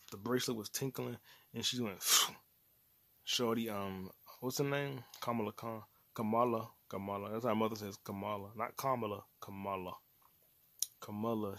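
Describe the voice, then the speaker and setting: A man's voice: medium pitch, no echo. A man in his late twenties hosting his own podcast alone, rambling casually in a loose, profane, slang-heavy way. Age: 20s. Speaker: podcast host. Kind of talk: casual solo podcast rant.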